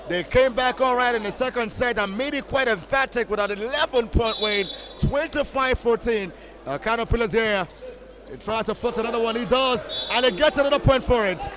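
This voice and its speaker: A man calling a volleyball match live from a commentary box, breaking into shouts on big plays. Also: very high-pitched, moderate pace, a little hiss or hum, poor audio. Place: commentary box at an indoor sports hall.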